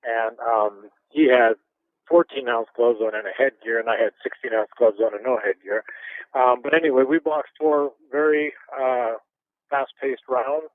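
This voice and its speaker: Over a tinny phone line with no echo, a Canadian man in his fifties, a former boxer, is the guest in a casual interview. At medium pitch and normal speed, he tells stories animatedly and chuckles often.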